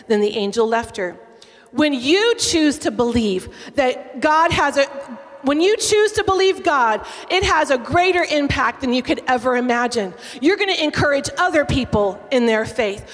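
Woman preacher, high voice, lots of emphasis reading the bible, big echoey hall. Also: normal speed. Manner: animated, reading scripture aloud with emphasis. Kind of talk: sermon. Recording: long hall reverb.

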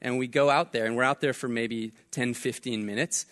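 Young man, pastor, casual sermon, easygoing storyteller, medium-pitched voice. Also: a little fast. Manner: relaxed storytelling with fillers and jokes.

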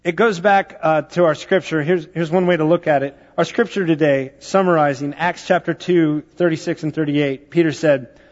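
A man preaching in a church, his fairly high voice ringing with a long reverb in a big room. The sound is a little dull, as if from a modest recording. He tells stories conversationally, with plenty of fillers. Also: fairly even intonation, normal speed. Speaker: pastor. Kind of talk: sermon.

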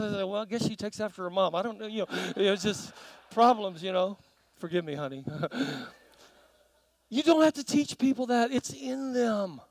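A man's voice: high voice, no room sound, rough recording. A man preaching a sermon in a church, telling stories and asking the congregation questions. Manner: animated storytelling with audience questions.

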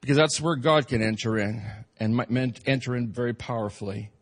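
A man's voice: medium pitch, brisk, in a large hall. A middle-aged male pastor preaching a sermon in a church, earnest and emphatic, repeating his phrases for stress. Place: church sanctuary.

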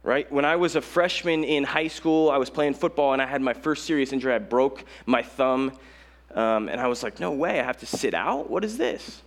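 A young man from Colorado, a high school pastor, preaching a casual sermon full of self-mocking stories, voice rising sharply when he acts out his own panic. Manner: conversational storytelling with self-mocking humor.

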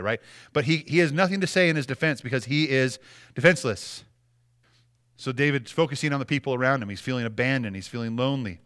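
Bright-voiced impassioned male preacher. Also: medium pitch, fast. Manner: impassioned, repeats words when stressing a point. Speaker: pastor. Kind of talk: sermon.

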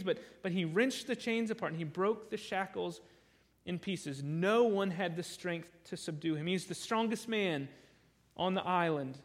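A man preaching a sermon through a Bible passage, earnest and conversational, often repeating words as he restarts a sentence. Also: high-pitched.

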